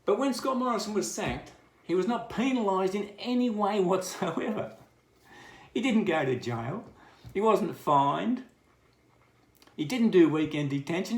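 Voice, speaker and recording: A man's voice: sits high, lively intonation, normal speed, gravelly, echoey room. An Australian man delivering a scathing, crude and sarcastic political rant. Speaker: political commentator. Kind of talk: ranting political monologue.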